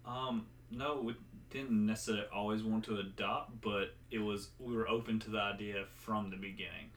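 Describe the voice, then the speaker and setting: A young adult man, a podcast guest, speaking in a laid-back, hesitant way with many pauses. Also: on the low side, fairly even intonation, fairly bright tone, slight background noise. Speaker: podcast guest, host's husband. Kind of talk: casual conversation.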